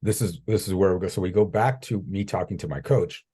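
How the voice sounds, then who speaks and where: A man with a somewhat low, husky voice speaks in a conversational interview. He is an animated storyteller who slips into the voices of the people he quotes, talking as a coach. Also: brisk. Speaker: guest coach.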